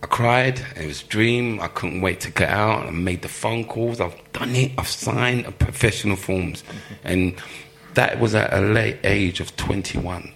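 A former footballer telling lively stories in an interview, laughing often and acting out the people he quotes. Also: lowish voice, unhurried, gravelly, few pauses. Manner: animated storyteller, laughs often, acts out quoted voices. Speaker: former professional footballer, guest. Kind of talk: live storytelling interview.

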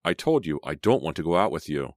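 A man reading aloud, voicing a defensive, sharp-tongued teenage girl in a storybook. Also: rumbling low, sing-song, no room sound, clean studio sound. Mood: angry. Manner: sharp, quick to snap back.

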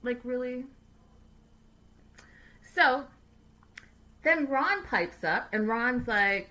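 A woman hosting a casual livestream recap, chatty, animated and sassy. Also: a little high, very slow, pauses often. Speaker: host.

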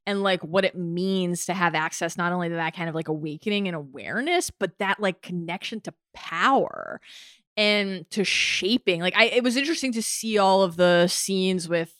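A woman's voice: on the low side, moderate pace, fairly bright tone, no echo. Chatty woman podcast co-host, dry sound. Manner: enthusiastic, rambling, frequent "like". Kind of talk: casual chat.

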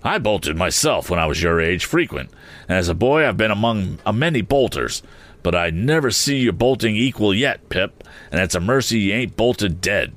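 A man voicing a gentle, simple-hearted blacksmith who speaks earnestly in homely rustic speech. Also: lowish voice, animated, moderate pace. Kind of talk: audiobook character voice.

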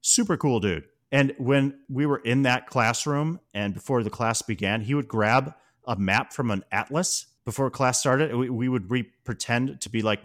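A man's voice: medium pitch, fairly bright tone. A man co-hosting a movie podcast in casual chat, chatty and prone to wandering off on personal tangents. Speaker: podcast co-host.

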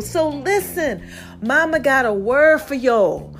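A woman hosting a casual solo talk show, playful with a drawn-out sing-song delivery, a little out of breath. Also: high-pitched, lively intonation. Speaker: show host.

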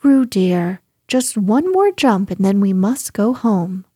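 A motherly, gentle kangaroo, as a woman reading a storybook voices her, calling softly to her child. The voice is slow and mellow, on a dry recording. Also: medium pitch, very animated, breathy edge, no room sound, full character voice. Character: motherly, distracted female kangaroo.

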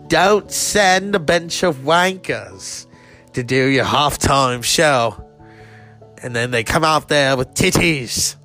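A man voicing an old boastful rock guitarist, gruff and swearing. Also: medium pitch, sharp tone, voice pushed down.

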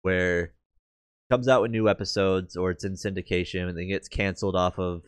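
A man's voice: low voice, steady tone, fairly quick, smooth, dry recording. A young man co-hosting a podcast in casual chat, easygoing and hedging his opinions. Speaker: podcast co-host.

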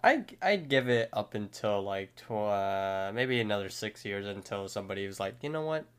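A male podcast co-host chats casually and agrees easily. His voice is low and resonant, with a smooth, clean tone. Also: expressive, moderate pace. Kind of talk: casual chat.

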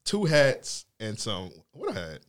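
A man's voice: on the low side, huge pitch swings, unhurried, a little hiss or hum. A man casually telling a story among friends, laid-back and slangy, often laughing.

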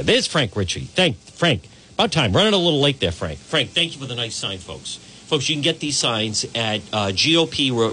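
A man's voice: lowish voice, a bit bright, slight background noise. A man hosting a live call-in talk radio show, rambling and digressing as he chats.

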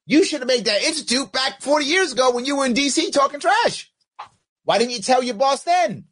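A husky-voiced man talks back at a recorded speech with biting sarcasm. His pitch jumps around a lot, swinging from high mocking tones down to low muttered asides. He sounds like a political commentator picking apart every sentence. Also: big pitch swings, fairly quick, fairly bright tone. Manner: sarcastic, argues back at the clip. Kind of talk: mocking commentary over a clip.

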